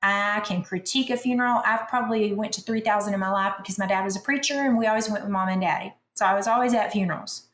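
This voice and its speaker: A woman author talking as a guest on a podcast, telling stories in a chatty, animated way with self-deprecating humor. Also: mid-range voice, fast, hardly any pauses, reverberant, slight background noise. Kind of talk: conversational storytelling.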